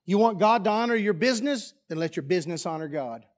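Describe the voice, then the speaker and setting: High-voiced pastor preaching emphatically. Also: male voice, expressive, fast. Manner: emphatic, rhetorical questions to the congregation. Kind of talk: sermon. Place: church sanctuary.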